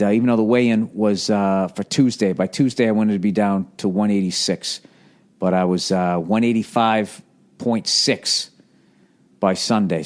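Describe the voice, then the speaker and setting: A man in his forties from the United States hosting a podcast, rambling through a casual, profane, self-mocking monologue. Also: on the low side. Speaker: podcast host.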